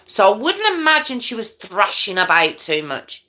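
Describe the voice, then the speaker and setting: Woman, middle-aged, true crime host: bright, forceful delivery, chatty and emotive, keeps asking "okay?". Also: mid-range voice, sing-song, normal speed. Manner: conversational, checks in with "okay?", shocked and emotive. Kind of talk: true crime commentary monologue.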